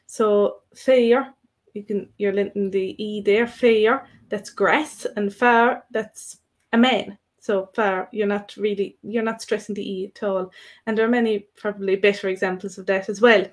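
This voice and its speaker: A woman teaches in a loose, halting way, full of ums and restarts. Her voice sits at an ordinary middle pitch. She sounds like a live-stream co-host talking through a point. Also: steady tone. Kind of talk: live-stream language lesson.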